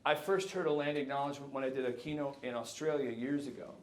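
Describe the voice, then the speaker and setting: A man in his fifties giving a jokey, animated keynote talk to a live audience. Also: mid-range voice, quick pace, a little hiss or hum. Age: 50s. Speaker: keynote speaker. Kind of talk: conference talk. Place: lecture hall. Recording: echoey hall.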